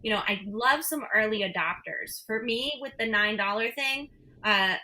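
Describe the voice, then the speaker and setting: A woman's voice: on the high side, moderate pace, sharp tone. A woman guest on a business interview, talking in a chatty, playful, upbeat way. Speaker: guest, membership business owner. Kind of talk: casual interview talk.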